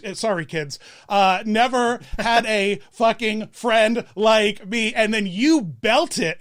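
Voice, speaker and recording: A man's voice: sits high, fairly bright tone. A man hosting a casual podcast chat, gushing like a fan and rambling through his questions. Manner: eager fan, rambling with many fillers and restarts. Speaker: podcast host.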